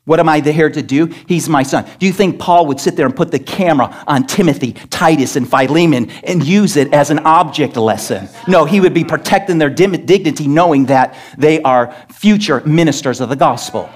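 A man preaches from the pulpit with emphatic, scolding force, firing off rhetorical questions. His voice sits a little high for a man. He sounds like a pastor mid-sermon in a church. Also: moderate pace, few pauses. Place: church sanctuary.

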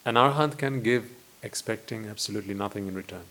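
A man, a Buddhist monk, giving a dharma talk in a deliberate way, full of rhetorical questions and repetition. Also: fairly low pitch, fairly bright tone.

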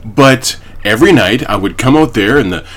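A young Canadian man co-hosts a podcast, spinning long, rambling stories packed with fillers in a casual chat. His medium-pitched voice is a bit bright, with lively intonation and a normal pace.

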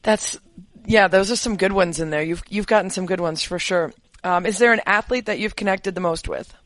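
A woman's voice: mid-range voice, brisk. A woman hosting a podcast, chatting casually and asking long, thoughtful questions. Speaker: podcast host. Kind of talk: casual interview chat.

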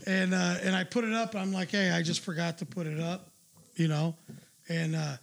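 Guy with a high gravelly voice, swearing his way through a story on a stream. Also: flat delivery, normal speed. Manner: profane, ranting, loud asides. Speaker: livestream host. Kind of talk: crude casual storytelling.

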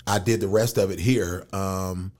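His voice is deep and his pace a little slow as this rapper and voice actor shares an interview story in loose, slangy talk. He stays animated throughout, acting out the quoted people's voices.

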